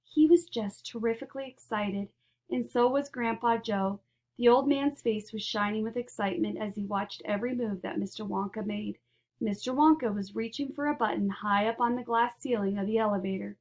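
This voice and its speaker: A woman reading a children's novel aloud with expressive, animated storytelling. Her voice sits a little higher than most, and she keeps the telling lively. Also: moderate pace. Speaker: narrator. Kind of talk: audiobook narration.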